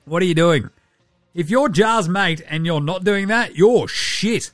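A brash man rants through his sports podcast with a profane, joking edge. His voice sits a little high. The recording is dry and close, with a touch of music. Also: a little slow, fairly bright tone, dry recording. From Australia. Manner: brash, profane, jokey, puts on voices for quotes. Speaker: podcast host. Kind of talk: casual sports podcast rant.

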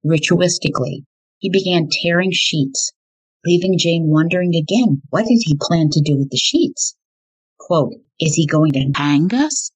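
Female podcast host, deep and slightly husky, steady true crime storyteller. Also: low-quality recording.

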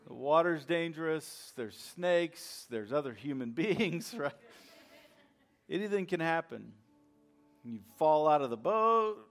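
Guy preaching, pretty high voice, chatty lively sermon, acts out bits. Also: slow pace, soft background music. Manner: lively, conversational preaching with acted-out asides. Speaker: chaplain and preacher.

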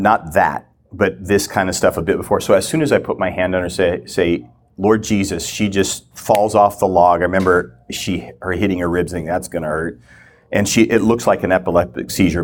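A man's voice: sits low, a little hiss or hum. A middle-aged man teaching as a guest, telling a personal story and acting out the lines he quotes. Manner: animated storyteller who acts out quoted lines.

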